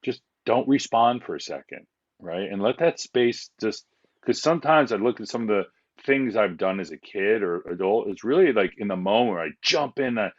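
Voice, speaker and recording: A man's voice: lowish voice, lively intonation, normal speed, dull audio. A man talking as a guest on a podcast, speaking candidly and rambling with frequent fillers and restarts. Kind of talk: casual conversation.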